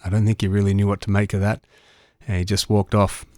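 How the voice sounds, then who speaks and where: A man with an Australian accent, a radio host narrating a scripted outro in a relaxed, plain storytelling way. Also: fairly low pitch, a little fast, dry recording, clean studio sound.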